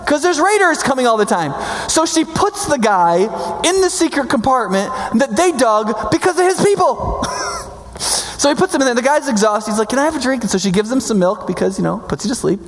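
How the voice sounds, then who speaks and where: Brief: a high-voiced male Bible teacher, animated and joking, in a reverberant hall. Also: brisk, a little hiss or hum. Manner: animated, jokey, frequent "right?" tags, acts out quotes. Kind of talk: casual storytelling lecture.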